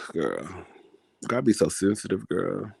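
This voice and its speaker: A man's voice: low-pitched, big pitch swings, slow pace, creaky, darkish tone, husky, no room sound, studio quality. A man vlogging in a casual, chatty storytelling style, dramatic and full of asides. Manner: chatty, dramatic, keeps calling listeners "girl".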